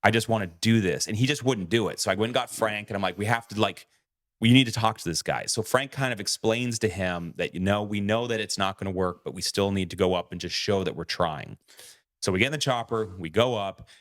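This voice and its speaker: A man's voice: lowish voice, fairly quick, fairly bright tone. A man co-hosting a podcast, telling a story in a casual way, acting out quoted lines and swearing freely. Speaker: podcast co-host.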